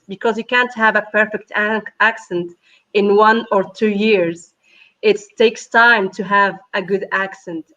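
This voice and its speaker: A woman's voice: medium pitch, fairly bright tone. A woman speaking as an in a casual podcast discussion. She is earnest and restarts often, with many fillers. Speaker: podcast co-host. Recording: dull lo-fi remote audio.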